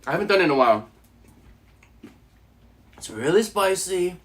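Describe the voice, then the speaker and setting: A man's voice: high voice, lively intonation, moderate pace, fairly bright tone. A man hosting a casual live stream while eating, joking and laughing often with his chat.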